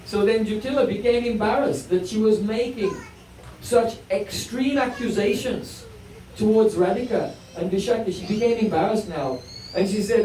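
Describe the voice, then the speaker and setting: A man giving a devotional story lecture as a spiritual teacher, acting out the characters' lines and laughing softly now and then. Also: sits high, moderate pace, slight background noise. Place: festival hall. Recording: roomy hall audio from a distance.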